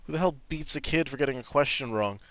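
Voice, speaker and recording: A man's voice: mid-range voice, fast, fairly bright tone, no echo. A man streaming a video game, chatting casually and jokingly with his viewers and swearing freely. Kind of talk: casual gameplay commentary.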